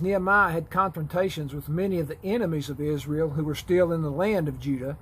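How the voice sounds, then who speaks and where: A man's voice: fairly high pitch, a little fast, few pauses, slight background noise, rough recording. A man teaching a prepared church Bible lesson, reading from notes with folksy, dry asides.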